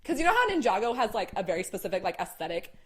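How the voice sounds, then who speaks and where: A young woman hosting a casual chat, animated, swearing and packing her talk with "like". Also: mid-range voice, rapid-fire. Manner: animated, swearing, many "like" fillers. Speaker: host.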